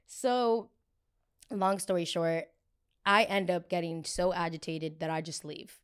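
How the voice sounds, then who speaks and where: A young woman hosts a podcast, telling a casual story at a slightly slow pace in a smooth voice. She's chatty and animated, packs her speech with "like," and acts out the people she quotes with big leaps in pitch and loudness.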